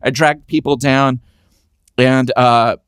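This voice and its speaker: A man hosting a casual podcast chat, his voice at an ordinary pitch for a man. He recalls old concerts with the eager energy of a fan. The recording is dry and close-miked. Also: fairly even intonation, slow, fairly bright tone, clear, resonant tone, dry recording. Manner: enthusiastic fan, chatty recollections. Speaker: podcast host.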